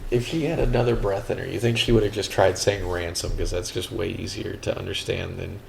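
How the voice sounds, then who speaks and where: A man's voice: deep voice, fairly even intonation, a little fast, creaky, darkish tone, slight background noise, low-quality recording. A man co-hosting a casual movie review chat, rambling and acting out film lines in silly voices. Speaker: podcast co-host.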